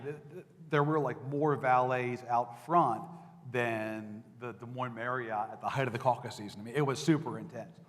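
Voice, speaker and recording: A man, a political reporter, telling campaign stories to an audience in a conversational, anecdotal way, with fillers and restarts. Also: mid-range voice. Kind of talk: talk to an audience. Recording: echoey hall with long reverb.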